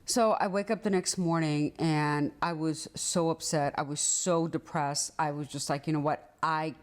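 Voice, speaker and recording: A woman, a trial lawyer, telling a personal story in a casual, conversational monologue. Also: unhurried. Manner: animated, acts out dialogue with big pitch swings; conversational, many fillers like "like" and "right".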